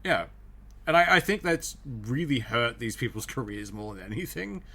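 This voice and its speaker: A man's voice: mid-range voice, lively intonation, normal speed, pushed and bright. A man co-hosting a casual podcast, chatty and agreeable, swearing at times. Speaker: podcast co-host.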